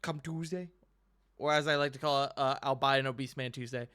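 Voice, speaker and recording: A man's voice: medium pitch, little pitch movement, quick pace, pushed and bright, clear, resonant tone, no echo, studio quality. A man hosting and running a tabletop game, giving joking, upbeat sign-offs at the end of a stream. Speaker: game master and host. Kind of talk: casual stream outro.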